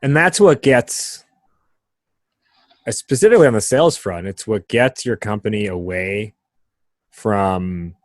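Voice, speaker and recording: A man's voice: fairly low pitch, lively intonation, measured pace, pauses often, no echo. A man hosting a podcast in casual conversation, explaining ideas animatedly with vivid analogies and frequent tag questions. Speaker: podcast host.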